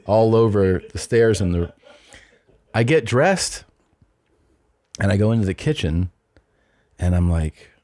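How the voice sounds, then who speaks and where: Middle-aged guy hosting a podcast, low voice, rambly storytelling, lots of restarts. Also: expressive, unhurried, pauses often, a little mellow, dry recording, clean studio sound. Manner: rambling anecdote with frequent restarts and asides. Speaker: podcast host. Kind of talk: casual storytelling chat.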